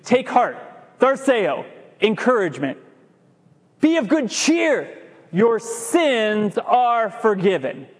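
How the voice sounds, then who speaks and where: A man preaching a sermon as pastor, animated, drawing out key words and sometimes stumbling over himself. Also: sits high, slow, husky. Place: church sanctuary. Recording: long hall reverb.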